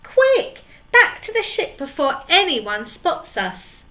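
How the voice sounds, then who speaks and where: A woman's voice: very high-pitched, huge pitch swings, slow pace, pushed and bright, pitched above the performer's own voice, heavily acted. A woman voicing a bossy male pirate chief in a storybook reading, barking orders.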